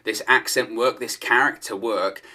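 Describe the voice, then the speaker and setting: A man's voice: medium pitch, steady tone, normal speed, sharp tone. A man giving solo opinion commentary on wrestling news, in a conversational manner and repeating his points for emphasis.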